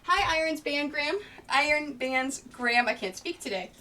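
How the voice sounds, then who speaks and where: A woman's voice: high-pitched, animated, normal speed, pushed and bright. A woman quilter chatting casually on a live stream as she sews, thinking aloud and greeting viewers by name. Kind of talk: casual live-stream chat while sewing. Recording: distant mic with faint noise.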